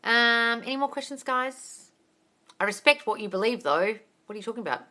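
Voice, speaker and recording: This is an Australian woman with a bright, forward voice, answering viewer questions on a casual live stream. She is frank and unfiltered, swears now and then, and calls her audience darling. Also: a little high, fairly quick. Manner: reads out viewer comments in a lively voice.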